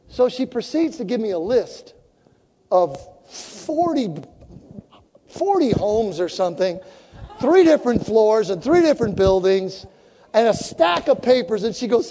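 Woman, preacher, storytelling sermon, animated, mellow voice, echoey church hall. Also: medium pitch, normal speed. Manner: animated, acts out conversations.

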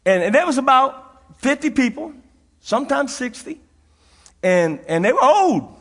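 A man's voice: extremely high pitch, sing-song, moderate pace, a bit bright. A middle-aged man preaching a sermon as a pastor, telling folksy stories with frequent laughter and repeated phrases for emphasis. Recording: long reverb of a large hall.

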